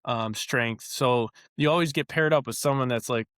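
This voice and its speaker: A young man telling stories as a podcast guest in a casual, animated, rambling way with many fillers. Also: mid-range voice, normal speed, no room sound, clean studio sound. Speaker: former baseball player guest.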